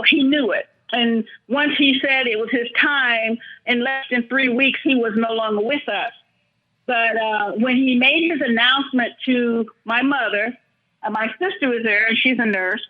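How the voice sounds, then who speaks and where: A woman's voice: fairly high pitch, unhurried. An older woman, a guest in an interview, reflecting earnestly and with feeling as she tells personal stories. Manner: thoughtful, earnest, speaks with feeling. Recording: dull lo-fi recording.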